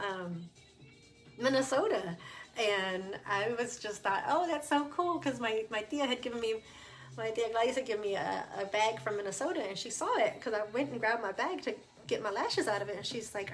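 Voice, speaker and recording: A woman speaking casually on a livestream, sharing her personal testimony in a candid, chatty way with fillers and quick laughs. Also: a little high. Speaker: cancer survivor sharing her story. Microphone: webcam or phone on a livestream.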